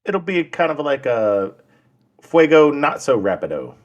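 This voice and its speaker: A man's voice: mid-range voice, big pitch swings, lo-fi sound. A man co-hosting a podcast, chatting casually and often restarting his sentences. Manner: halting, restarts often while telling stories. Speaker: podcast co-host.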